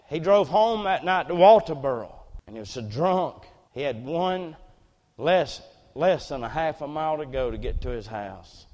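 A man preaching a sermon as personal testimony, earnest storytelling that drops to near hushes and rises again. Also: medium pitch, lively intonation, unhurried, in a large hall, dull audio.

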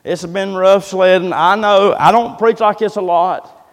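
A pastor with a high-sitting, unhurried voice preaches a sermon full of passion and folksy charm. He keeps repeating words as he builds, and the sound carries the long reverb of a large hall.

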